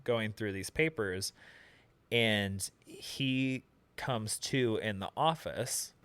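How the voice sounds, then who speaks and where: A man co-hosting a podcast, casually explaining a book's version of a scene in a relaxed, explanatory way. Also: on the low side, extremely slow, clean tone, no room sound. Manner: relaxed, explanatory, with "um" and "that sort of stuff". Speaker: podcast co-host. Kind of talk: casual book recap.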